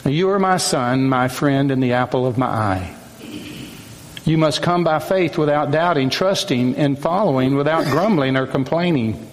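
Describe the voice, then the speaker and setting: A man preaching a sermon to a group of men, speaking in a slow, solemn way with measured pauses. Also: medium pitch, lively intonation. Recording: long hall reverb, faint room ambience.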